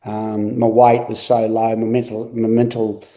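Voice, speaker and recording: A middle-aged man gives a candid interview about his own life. His voice is mellow and dark, earnest and a little halting, with words often repeated. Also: on the low side, completely flat delivery. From Australia. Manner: earnest, repetitive, halting restarts. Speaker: guest.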